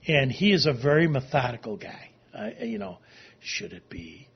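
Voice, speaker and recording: A middle-aged man telling a long personal story as an interview guest, halting and emotional, sometimes tearing up. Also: medium pitch, very animated, husky. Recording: dull lo-fi recording.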